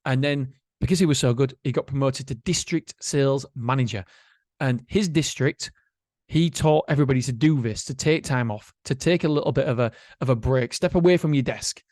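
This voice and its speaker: A man hosting a solo motivational podcast, chatty and animated, swearing casually. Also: mid-range voice, fairly quick, dry recording, studio quality. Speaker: podcast host.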